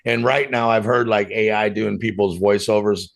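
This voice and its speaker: Male podcast host, gravelly tone, joking and chatty. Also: on the low side, steady tone, normal speed. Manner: joking, laughs often, loose and rambling. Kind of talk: casual podcast conversation.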